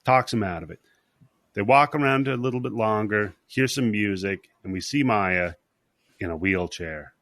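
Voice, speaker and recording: A man hosting a podcast, recapping a film in a loose, profanity-laced ramble. His voice sits at a middle pitch and sounds close and dry, with no room around it. He drops into quick voices for the characters as he goes. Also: expressive, a bit bright, no room sound. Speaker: podcast host. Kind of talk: casual movie recap chat.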